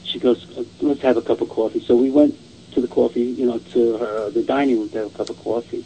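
A man's voice: medium pitch, steady tone, fast talker, noisy background. A man casually telling a long ghost story, rambling and repeating "I says" and "she goes".

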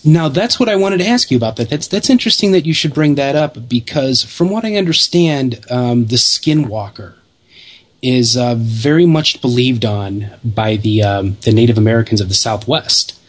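A man's voice: medium pitch, expressive, moderate pace. Inquisitive man asking rambling questions. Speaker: interviewer. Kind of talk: casual interview.

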